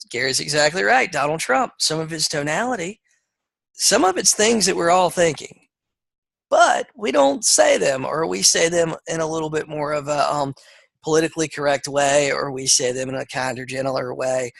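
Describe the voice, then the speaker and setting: A man's voice: on the high side, gravelly, a bit bright, dry recording, poor audio. A man with a Southern accent coaching real estate agents on a group call, rambling and conversational with lots of fillers.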